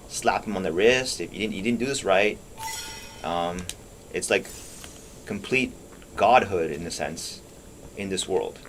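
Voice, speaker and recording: With a low-pitched voice and slight background noise, a gaming streamer offers rambling commentary while he plays. He muses aloud, swears casually, and lets thoughts trail off midway.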